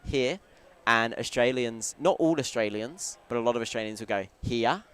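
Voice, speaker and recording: A British stream commentator from the United Kingdom speaks fairly quickly in a medium-pitched voice that is fairly bright, clear and resonant. His casual chat is jokey and talkative, punctuated by frequent self-interruptions and restarted sentences.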